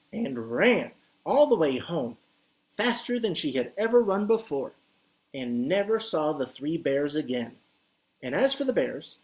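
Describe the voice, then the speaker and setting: A woman reading a children's story aloud as an expressive, animated storyteller. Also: sits low.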